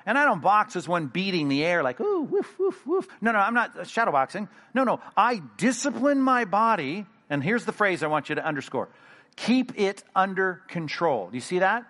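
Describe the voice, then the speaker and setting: A male pastor preaching a sermon in an animated, emphatic way, with sudden loud bursts. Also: high-pitched.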